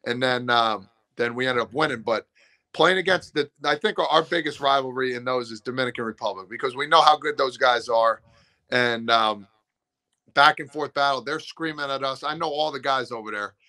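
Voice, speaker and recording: A man in his thirties, a former ballplayer, telling lively stories in a casual interview and acting out what he said to teammates. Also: mid-range voice, moderate pace. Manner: animated, acts out pep talks. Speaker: former baseball player, guest.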